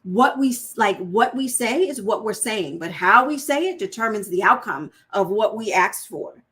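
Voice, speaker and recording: Her medium-pitched voice is expressive and a bit bright, moving at a moderate pace. As host of a faith-based women's channel, she gives a candid, earnest, conversational talk about marriage, voicing example phrasings in changing tones.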